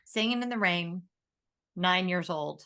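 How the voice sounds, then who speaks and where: A woman co-hosting a podcast, chatting casually and telling an animated story. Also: lowish voice, unhurried, clean tone. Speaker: podcast co-host. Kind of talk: casual chat.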